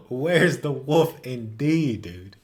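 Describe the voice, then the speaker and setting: Brief: male reaction host, slow, lively pitch, jokey asides, noisy home recording. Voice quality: joking asides, frequent laughing. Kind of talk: casual reaction commentary.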